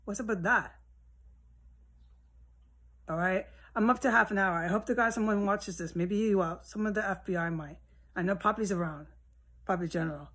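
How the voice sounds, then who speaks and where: A woman vlogging alone at home, talking straight to her listeners in a loose, rambling monologue. Her voice sits at an ordinary middle pitch. She swears freely and swings from quiet muttering to agitated bursts. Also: normal speed, long pauses, husky. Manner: rambling and profane, drifting between muttering and heated outbursts. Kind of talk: rambling solo monologue to camera. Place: at home, indoors with a window open.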